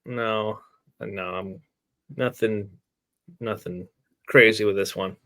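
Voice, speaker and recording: A man's voice: lowish voice, fairly even intonation, takes it slowly, pushed and bright, dry recording, clean studio sound. A man co-hosting a casual TV review podcast, making short, laid-back remarks. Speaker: podcast co-host.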